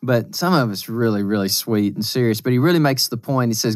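A man's voice: mid-range voice, fairly quick, hardly any pauses, no room sound, clean studio sound. A man, a pastor, co-hosting a podcast in casual chat, earnest and emotional, laughing easily as he talks. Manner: earnest, emotional, laughs often, reads aloud with feeling.

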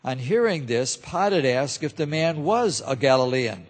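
A man's voice: mid-range voice, sing-song, normal speed. Solemn male reader in a church. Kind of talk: scripted scripture narration. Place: large church. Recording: echoey church hall.

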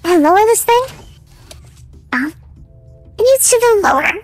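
A woman's voice: very high-pitched, animated, normal speed, faint music behind. A young woman playing a scary game on stream, reacting with sudden exclamations and swearing into a desk microphone. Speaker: gaming YouTuber. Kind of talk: casual game commentary.

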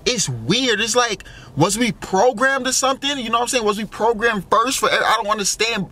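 High, bright-voiced young man musing aloud. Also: expressive, moderate pace. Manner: musing, full of fillers and profanity, wondering aloud. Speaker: vlogger. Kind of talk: casual rambling monologue.

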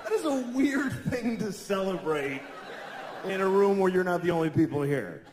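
A man's voice: sits high, very animated, moderate pace. A man doing stand-up comedy in a large theater, wry and reasoning, talking with the audience. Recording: echoey live theater with crowd.

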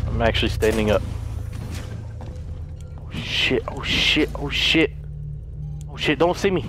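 A man playing a horror game and commenting live, swearing, shouting in panic, repeating himself and laughing. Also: medium pitch, slow pace. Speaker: let's play gamer. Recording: loud game music and effects behind.

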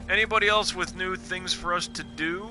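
A man's voice: high-pitched, fairly even intonation, normal speed. A man streaming a video game live, chatting casually as he plays, joking and swearing while thinking aloud. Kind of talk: casual let's play commentary. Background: game music.

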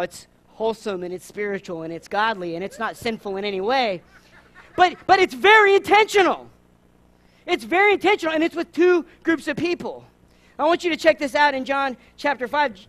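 A man with a Southern US accent preaching a sermon, lively, acting out the people in his stories. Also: extremely high pitch. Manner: animated, acts out voices in his stories. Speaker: pastor.

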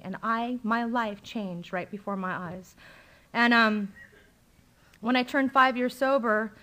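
A young woman with a slightly high voice tells her recovery story to a meeting. She speaks candidly and with feeling, and her talk is loose, with plenty of fillers. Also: a bit bright. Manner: candid and emotional, with frequent fillers.

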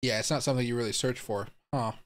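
A man's voice: mid-range voice, steady tone, quick pace. A young man hosting a live stream, thinking aloud in bafflement, swearing and talking straight to his viewers as he clicks around. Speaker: crypto livestream host. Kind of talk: live-streamed casual commentary.

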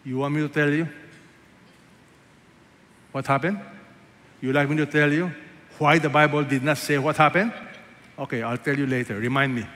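A man preaching a sermon as a pastor, asking the congregation rhetorical questions and swinging between loud emphasis and hushed asides. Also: on the high side, fairly even intonation, normal speed, pauses often. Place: large church hall. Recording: echoey church hall, faint ambience.

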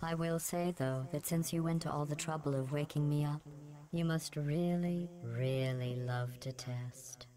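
A woman voicing a cold, sarcastic female AI in a video game, with a synthetic processed sound and a deadpan, mocking delivery. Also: low-pitched, unhurried.

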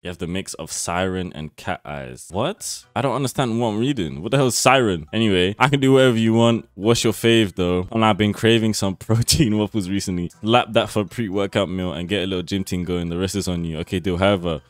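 Slangy young streamer, lowish voice. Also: male voice, fairly quick, few pauses, dry recording. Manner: slangy, swearing, mocking, bursts into loud laughter. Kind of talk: reacting to viewer chat messages.

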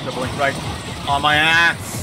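Raging, high-voiced young man gamer. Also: fairly even intonation, takes it slowly, music in the background. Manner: loud, cursing, raging trash talk. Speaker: gaming streamer. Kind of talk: gameplay commentary.

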